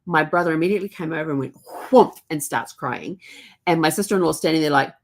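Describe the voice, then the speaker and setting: A gravelly, low-pitched, fast-talking woman recounts family stories on her genealogy vlog. She's middle-aged, from New Zealand, and laughs occasionally as she chats.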